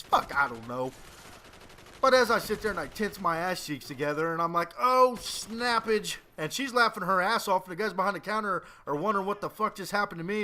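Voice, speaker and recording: High-voiced profane young man rambling. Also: pushed and bright. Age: 20s. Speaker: gaming commentator. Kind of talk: casual storytelling over gameplay.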